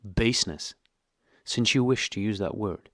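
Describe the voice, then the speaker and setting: A stiff, cold husband, voiced by a male audiobook reader, squeaky and clipped, pressing each word with cold anger. The voice sits fairly low and the recording is dry and close. The lines land with chilly, deliberate emphasis. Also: fairly bright tone, dry recording. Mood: angry. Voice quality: squeaky, higher than usual. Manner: angry, clipped, coldly emphatic. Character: stiff, cold middle-aged husband, furious. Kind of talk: audiobook character reading.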